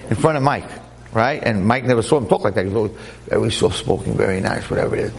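A man lecturing and telling a story with lively jokes and frequent restarts, speaking to listeners in a room. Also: medium pitch, a little fast, gravelly, in a large hall. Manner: animated, repetitive restarts, joking. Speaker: Jewish lecturer.

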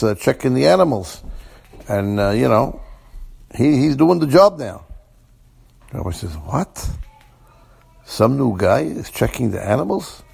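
Gravelly man telling a story. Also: mid-range voice. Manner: animated, switching voices for characters. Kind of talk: storytelling, acting out dialogue.

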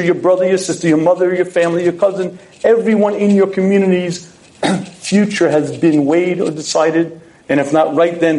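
A man speaking as a rabbi, giving a recorded Torah lecture, clearing his throat often and telling stories. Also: on the high side, darkish tone, rough recording. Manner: frequent throat clearing, storytelling with acted quotes.

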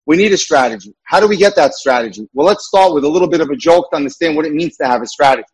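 A man's voice: a little high, rapid-fire, slightly rough, rough recording. A man who works as a dating mentor, giving an emphatic lecture with repeated points.

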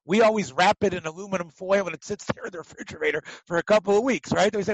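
A man teaching a Torah class in a lively, animated way, acting out little scenes and laughing. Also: high voice, brisk, no echo, poor audio. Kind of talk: Talmud class lecture.

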